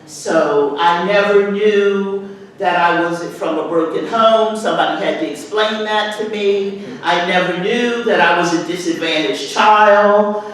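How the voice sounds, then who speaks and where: A woman who is a professor and storyteller, telling childhood memories in an animated way and laughing between them. She is recorded from far off in an echoey hall at a live event. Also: mid-range voice, measured pace. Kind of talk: storytelling talk. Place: arts venue, live discussion.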